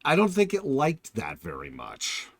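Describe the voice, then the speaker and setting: A man giving casual, animated live-stream commentary while reviewing a game, laughing and joking at his own mishaps. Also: fairly high pitch, measured pace, gravelly, no room sound. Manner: animated, laughing, self-mocking.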